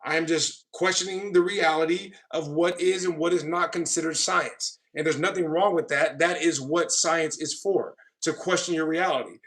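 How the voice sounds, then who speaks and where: A man's voice: on the high side, steady tone, moderate pace, few pauses, fairly bright tone. A man reading viewer comments on a live stream, arguing with commenters in a defensive, lecturing way and often asking if they know what he means. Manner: repeats "you know what I mean".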